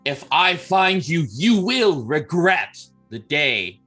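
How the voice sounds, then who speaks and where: A man puts on a quick-tempered fire mage who speaks with force and command. His very deep voice has a bright, hard edge, and he talks slowly. Faint music hums in the background. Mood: furious. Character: fiery male spellcaster, quick to anger.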